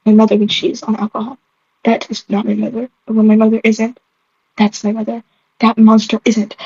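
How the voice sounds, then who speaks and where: A woman's voice: on the high side, a little mellow, slightly rough, dry recording. A young woman reading her old stories aloud and reacting, giggling at herself and stumbling over words. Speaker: vlogger. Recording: dull lo-fi mic.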